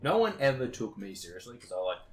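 A man's voice: medium pitch, very animated, fast. A man, a podcast co-host telling work stories in casual chat, swearing a lot and acting out what others said. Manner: swears a lot, acts out his old workmates in quotes.

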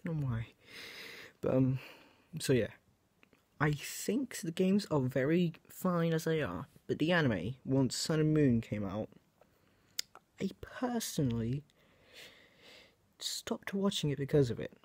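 A man's voice: a little high, expressive, measured pace, long pauses, a little mellow, slightly rough, no echo. Rambling young man, dry close sound. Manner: rambling and hesitant, full of restarts; self-mocking. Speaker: vlogger. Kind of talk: casual chat to camera.

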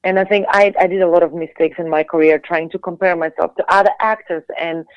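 Quick-talking woman from Latvia, dull audio. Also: fairly low pitch, fairly even intonation, smooth, no echo. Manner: quick, searching speech with restarts and fillers. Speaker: guest, singer and actress. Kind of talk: casual interview talk.

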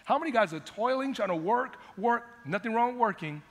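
A man's voice: extremely high pitch, animated, a little fast. A male pastor preaching a sermon, emphatic, repeating his points and calling for amens. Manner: emphatic, repeats phrases, calls out "amen". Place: church sanctuary. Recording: long hall reverb.

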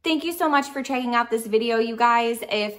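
A young adult woman vlogging in a chatty, excited way, with frequent fillers and restarts. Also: fairly high pitch, a little fast. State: speaking softly near a sleeping baby. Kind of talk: casual storytelling vlog.

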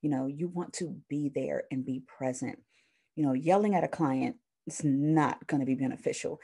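Low, gravelly-voiced woman lecturing. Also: moderate pace, warm tone. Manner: conversational, frequent fillers and self-corrections; shows items to the camera while teaching. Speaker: counseling professor. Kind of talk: recorded university lecture.

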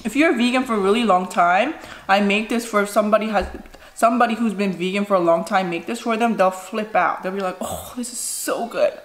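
A mukbang vlogger in her thirties chats casually while she eats, giving frank advice and saying "you know" a lot. She speaks briskly in a medium-pitched voice, recorded in an echoey room with faint noise.

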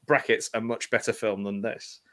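A man's voice: fairly low pitch, flat delivery, moderate pace, a bit bright. A British man hosting a comedic read-through of an old horror script, breaking off for sardonic, laughing asides and frequent swearing. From United Kingdom. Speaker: podcast host reading a script.

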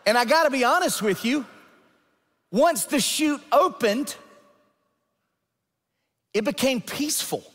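A male pastor telling a story in a sermon, animated and building to emphatic peaks. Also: very high voice, a little slow, long pauses. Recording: long church hall reverb.

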